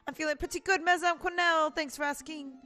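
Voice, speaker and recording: A woman's voice: high-pitched, steady tone, fairly quick, sharp tone, voice pushed up. A woman voicing an upbeat young male sparrow who works as a defense lawyer, polite and earnest.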